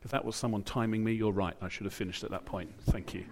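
British man preaching a relaxed sermon. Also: fairly low pitch, quick pace, a little hiss or hum. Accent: British English. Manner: conversational, with asides and acted-out quotes. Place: church.

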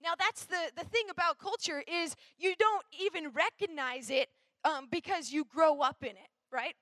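A woman's voice: very high-pitched, normal speed, fairly bright tone, dry recording. A woman from Minnesota giving a chatty, rambling youth sermon, full of fillers and asides.

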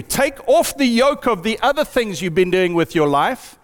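A man preaching a sermon in an earnest way, slowing down to stress key phrases. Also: very animated, long reverb tail. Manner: earnest, with lots of pitch swings and slowed emphasis.

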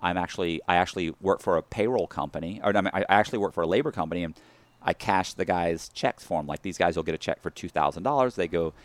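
A man telling a story in casual talk, animated, swearing freely and acting out what other people said. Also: low-pitched, fast talker, no echo.

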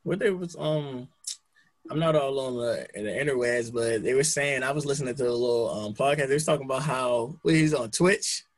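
A man with a medium-pitched voice speaks a little fast as he co-hosts a podcast. His talk is casual and lively, full of stories and frequent laughter.

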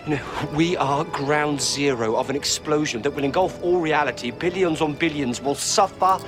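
A man's voice: on the high side, normal speed, close to an everyday voice. An actor playing a grave, time-travelling man facing a terrible fate in a TV drama, speaking in a solemn, urgent way. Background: dramatic music score.

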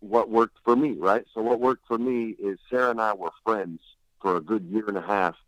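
A man, a guest on a show, telling a story in an animated, rambling way and laughing as he goes. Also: lowish voice, normal speed, no echo, muffled recording. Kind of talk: casual storytelling.

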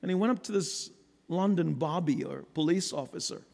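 Middle-aged guy preaching, high gravelly voice, big hall echo, goes quiet then loud. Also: moderate pace. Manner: dynamic preaching that swings from low to loud. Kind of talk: sermon. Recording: long hall reverb.

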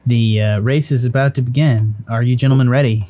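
A man's voice: medium pitch, steady tone, brisk, warm tone. A man narrating as game master of a tabletop game, talking loosely with restarts and swearing.

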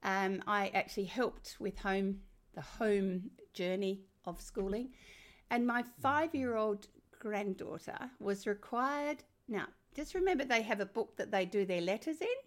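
An older woman with an Australian accent, a former teacher speaking as a guest in a conversation, emphatic and animated. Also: a little slow. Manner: animated, emphatic, rising to high exclamations. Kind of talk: conversational interview.

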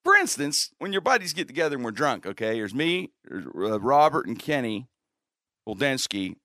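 Animated middle-aged male host, bright voice. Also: mid-range voice, moderate pace, no echo, clean studio sound. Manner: animated, swearing, acts out the people in his stories. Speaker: show host. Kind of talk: casual storytelling chat.

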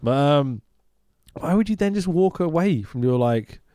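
A man's voice: on the high side, expressive, measured pace, mellow, dry recording, studio quality. A man co-hosting a podcast, recapping a film in casual chat, swearing freely, laughing often and mimicking the characters. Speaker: podcast co-host.

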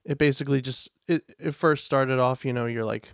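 A young man chatting casually, relaxed and self-mocking about a misspent youth. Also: medium pitch, a little fast, vocal fry, no echo, clean studio sound. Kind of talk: casual chat.

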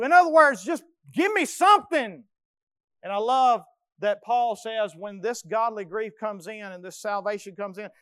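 A pastor preaching a sermon with passion, swinging between loud pleading and hushed intensity. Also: male voice, very high voice, smooth, no echo, studio quality.

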